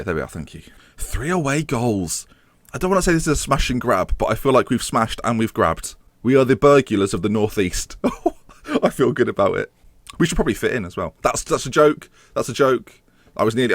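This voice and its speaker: Animated man commentating his game. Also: medium pitch, no echo, clean studio sound. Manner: animated, sarcastic, swings between mock-commentary and exasperation. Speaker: gaming YouTuber.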